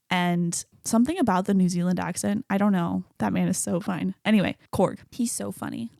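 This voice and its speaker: A woman hosts a solo podcast and chats casually about a film, swearing freely and acting out the lines she quotes. her voice has a gravelly fry to it and sits at a middle pitch. the sound is dry and close. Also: darkish tone, dry recording. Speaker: podcast host.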